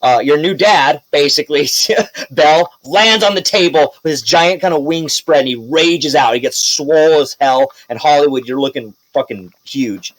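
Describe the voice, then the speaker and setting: A man's voice: fairly high pitch, normal speed, dry recording, poor audio. A man running a tabletop role-playing game as game master, narrating casually with laughs and swearing.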